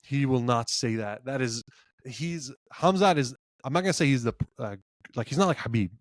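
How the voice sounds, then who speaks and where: A man co-hosting a casual sports podcast, telling animated stories, acting out quotes and laughing often. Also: medium pitch, moderate pace, no echo, clean studio sound. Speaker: podcast co-host.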